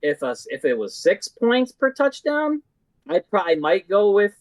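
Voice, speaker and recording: Male podcast guest, halting casual delivery, dry recording. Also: high-pitched, big pitch swings, no room sound, low-quality recording. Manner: hesitant, halting, with many fillers and restarts. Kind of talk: casual fantasy football chat.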